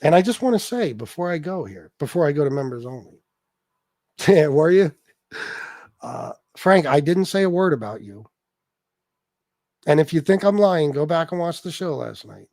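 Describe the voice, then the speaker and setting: A man's voice: on the high side, expressive, normal speed, long pauses, a little mellow, dry recording. A man hosting a casual livestream chat, talking bluntly and swearing freely while reading out viewer names. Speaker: livestream host.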